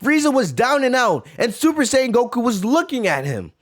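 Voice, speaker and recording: Excitable high-voiced man reacting. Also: normal speed. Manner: excitable, slangy. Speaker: reaction video host. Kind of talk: live reaction commentary.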